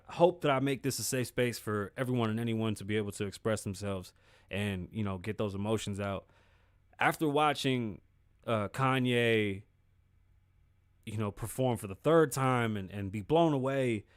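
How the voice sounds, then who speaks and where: A man hosting a solo talk show in loose, swear-filled slang, talking frankly and with emphasis. His voice sits at an ordinary middle pitch. The recording is dry and close, with no echo around him. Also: smooth. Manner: candid, profane, emphatic street slang. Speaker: podcast host. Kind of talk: casual solo commentary.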